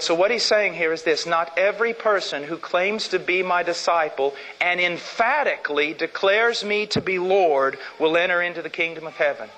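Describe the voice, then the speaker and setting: A man preaching a sermon with fervor, repeating phrases for emphasis and swinging from loud to low. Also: moderate pace, few pauses, long reverb tail, poor audio.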